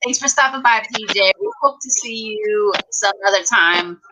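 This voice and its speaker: A woman hosting a casual fan discussion, enthusiastic and quick to agree. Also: medium pitch, background noise. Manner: enthusiastic, affirming. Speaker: host.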